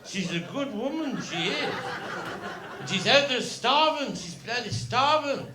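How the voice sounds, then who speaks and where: A man's voice: extremely high pitch, expressive, a little slow, sharp tone. A man with a Cornish accent telling rambling comic stories on stage, repeating himself with folksy asides. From Cornwall, England. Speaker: comedian. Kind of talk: rambling live stand-up storytelling. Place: live comedy venue with audience. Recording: echoey live venue with audience noise.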